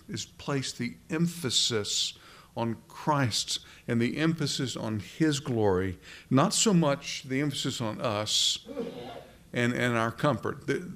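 A pastor preaching a sermon in a conversational way, often restarting phrases and asking rhetorical questions. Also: male voice, medium pitch.

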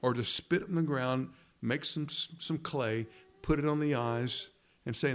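Man preaching an emphatic sermon. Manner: earnest, emphatic preaching with dramatic pauses; acts out quoted speech in a low, hushed voice.

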